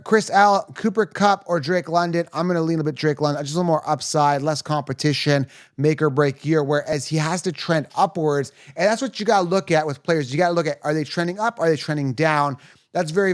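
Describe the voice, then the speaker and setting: A tired man hosting a casual livestream Q&A, rambling and answering viewer questions quickly with frequent restarts. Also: fairly high pitch, dry recording, studio quality. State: tired, running on fumes late at night. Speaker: fantasy football livestream host.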